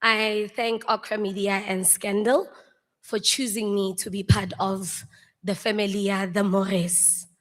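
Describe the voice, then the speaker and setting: A young South African woman, an actress, telling personal stories as she pays tribute at a memorial service. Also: medium pitch. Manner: anecdotal storytelling, often laughing. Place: large theatre stage. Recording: long reverb of a theatre hall.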